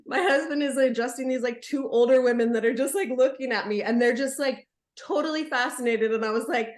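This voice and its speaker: A woman with a fairly high voice recounts a story from her practice in an animated, frank way, often breaking into laughter. Her voice carries a noticeable echo from the room. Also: a little fast. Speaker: chiropractor. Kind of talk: casual storytelling among colleagues.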